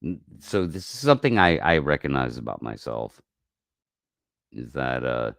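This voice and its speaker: A man hosting a casual livestream, talking in a rambling, profane way that swings from mumbled asides to loud outbursts, on a close mic. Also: rumbling low, big pitch swings, normal speed, vocal fry, dry recording. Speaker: livestream host.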